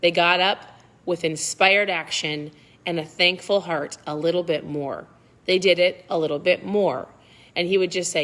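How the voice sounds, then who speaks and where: A woman's voice: fairly low pitch, steady tone, normal speed, a bit bright. A woman hosting a live motivational book-club talk, encouraging her viewers, asking them direct questions and repeating her key points. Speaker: host.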